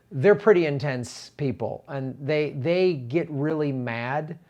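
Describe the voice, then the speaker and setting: A male comedian in casual commentary, swearing freely and stumbling through restarts as he rants. His voice sits at an ordinary mid pitch. He sounds fed up and unscripted throughout. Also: darkish tone. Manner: profane, exasperated, stammering restarts.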